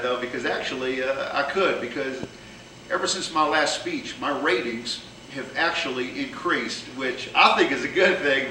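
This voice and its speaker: A folksy former president with a drawl, as a man impersonates him, rambling through a speech. The tone is bright and a bit high. The sound is roomy and distant. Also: a little hiss or hum, lightly acted. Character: impression of a former male US president. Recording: echoey room from far off.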